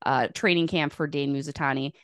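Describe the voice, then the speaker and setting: A woman's voice: sits low, fairly even intonation, fairly quick, a bit bright, smooth, no echo. A woman co-hosting a podcast in casual chat, teasing and laughing as she tells stories. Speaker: podcast co-host.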